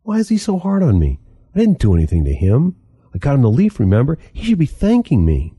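A man's voice: medium pitch, huge pitch swings, fairly quick, warm tone, slightly rough, no echo, clean studio sound, pitched above the performer's own voice. A man voicing a tired, anxious young apprentice in an audiobook, pleading and strained. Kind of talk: audiobook character reading.

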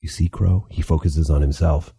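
A man's voice: rumbling low, steady tone, normal speed, gravelly, dark tone, slightly rough, no room sound, clean studio sound, heavily acted. A man voicing a stern, impatient mentor figure in an audiobook, curt and scolding. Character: stern harsh male mentor, impatient and cold. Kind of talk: audiobook character reading.

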